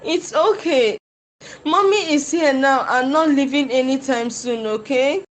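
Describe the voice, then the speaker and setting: A woman's voice: high voice, a little slow. A woman voicing a loving, guilt-ridden mother in a cartoon drama, soothing and pleading. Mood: tender pleading.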